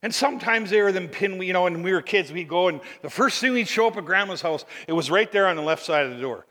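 A male preacher delivers an animated sermon in a high, bright, ringing voice. He swings between loud bursts and near-murmurs, pausing to ask the congregation questions. The sound carries a long tail of reverb from a large hall.

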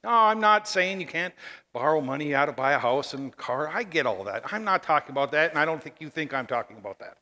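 Bright high-voiced preacher in a reverberant hall. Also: male voice, a little fast. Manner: animated storytelling, with tag questions to the congregation. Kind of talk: sermon.

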